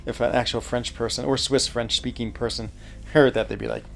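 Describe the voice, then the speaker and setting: Guy with a bit of vocal fry chatting through a game stream, laughs a lot, reads chat. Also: medium pitch, steady tone, brisk, fairly bright tone. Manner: chatty, thinks aloud, answers chat, laughs easily. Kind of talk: casual live gameplay commentary.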